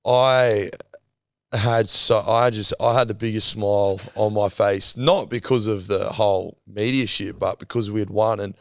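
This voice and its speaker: An Australian man, a footballer guest on a podcast, telling relaxed stories and swearing casually. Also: mid-range voice, dry recording, studio quality. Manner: laid-back storytelling, swears, laughs mid-sentence. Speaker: podcast guest, rugby league player. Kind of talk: casual chat. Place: podcast studio.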